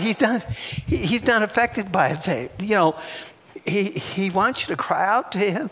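High, animated older man preaching. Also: moderate pace, big-room sound. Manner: exclamatory, breathy whews and chuckles between phrases. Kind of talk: sermon.

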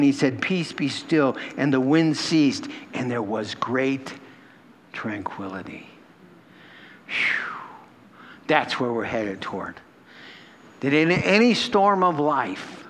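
A male pastor preaching to his congregation, his voice sitting a bit high for a man. He talks in a loose, conversational way, laughing often and repeating his phrases. A faint hum of room ambience runs behind him. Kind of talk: sermon. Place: church hall with a congregation.

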